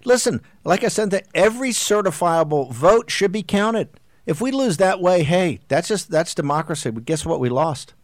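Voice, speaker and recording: A man's voice: high-pitched, expressive, normal speed, dry recording. A middle-aged man hosting a political talk show, delivering a combative, exhorting monologue that rambles with restarts. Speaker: host.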